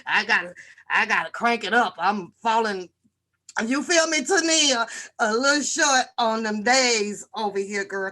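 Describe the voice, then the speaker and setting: Brash, bright-voiced woman livestream host. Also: on the high side. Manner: brash, profane, joking, repeats greetings. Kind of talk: casual livestream chat greeting viewers.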